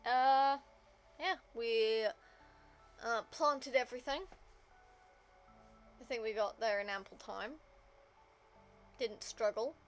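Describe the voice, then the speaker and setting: A woman game streamer chatting casually to her viewers, rambling with lots of fillers. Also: a little high.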